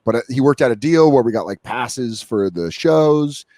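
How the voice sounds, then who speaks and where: A man in his thirties chats as a comedian guest, spinning stories with quick acted-out quotes. His voice sits at a middling pitch. The sound is close and dry, with no room around it. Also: no echo. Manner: animated storytelling, acts out quotes. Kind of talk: casual chat.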